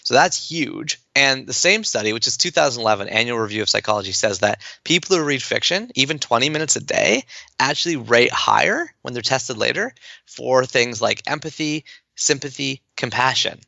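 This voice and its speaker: A man talking as a podcast guest, animated and fast, with lots of fillers and restarts. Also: mid-range voice, creaky, no echo, muffled recording. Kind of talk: enthusiastic conversational interview.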